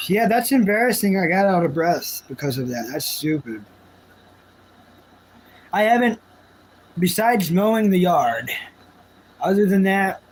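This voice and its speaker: A man's voice: sits high, a little hiss or hum, rough recording. A man live-streaming, chatting casually with his viewers in a rambling, jokey, self-mocking way.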